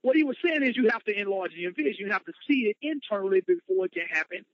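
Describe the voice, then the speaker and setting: A man's voice: high voice, expressive, quick pace, no room sound. A man, a motivational speaker, telling his personal story with emphatic, dramatic retelling. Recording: dull lo-fi, dry sound.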